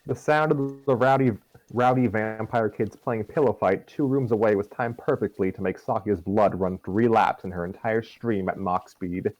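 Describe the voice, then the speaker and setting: A man narrates a fan story in a relaxed, chatty way, trailing into fillers between lines. His voice sits on the low side. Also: moderate pace, dry recording, poor audio. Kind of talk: casual fan fiction narration.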